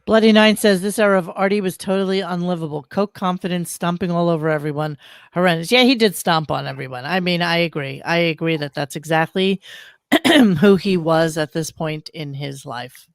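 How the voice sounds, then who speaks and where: A woman hosting a podcast, briskly reading comments and moving the show along. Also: lowish voice, dry recording, studio quality. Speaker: podcast host. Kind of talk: casual podcast chat.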